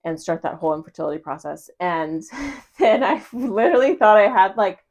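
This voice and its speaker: Animated storytelling woman podcaster. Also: a little fast. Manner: animated storyteller, acts out quotes with big pitch jumps. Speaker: podcast co-host. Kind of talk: casual chat.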